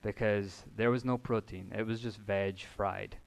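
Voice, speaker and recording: Young male preacher, lowish voice, casual and humorous sermon delivery. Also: steady tone, unhurried, creaky, low-quality recording. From United Kingdom. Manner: casual, joking, conversational storytelling. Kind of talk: sermon with scripture reading. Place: church hall.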